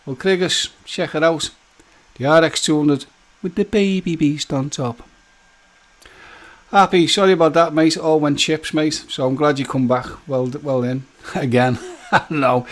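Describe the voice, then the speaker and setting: A man hosting a casual live stream, chatting with his viewers by name and joking as he goes. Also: on the high side. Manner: chatty and jokey, speaks straight to viewers by name; loose rambling talk with many fillers and restarts.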